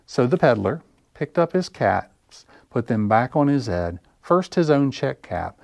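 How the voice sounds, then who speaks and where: A children's librarian reading picture books aloud at story time, slow and expressive. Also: male voice, mid-range voice, vocal fry. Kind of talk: picture-book read-aloud.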